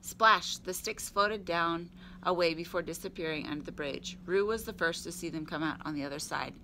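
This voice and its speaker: A woman reading a picture book aloud for library storytime, clear and expressive. Her voice sits a little low but has a bright, crisp tone. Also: a little fast, slight background noise.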